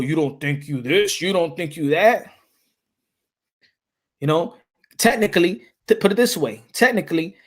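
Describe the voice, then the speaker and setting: New york guy chatting loose and rambly, voice sits a bit high, keeps saying you know what i'm saying. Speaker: boxing channel host. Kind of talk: casual chat.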